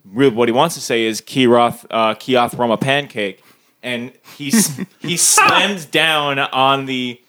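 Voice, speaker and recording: A man's voice: medium pitch, unhurried, bright, forceful tone, slight background noise. A man playing a tabletop game, casually describing his character's moves with laughs and playful asides. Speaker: player.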